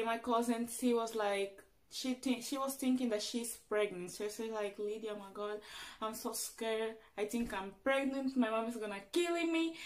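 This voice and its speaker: A young woman who is not a native English speaker tells her personal story as a vlogger, chatty and acting out her own past lines. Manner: chatty, acts out her own past lines with big swings in pitch and loudness. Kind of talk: casual storytelling vlog.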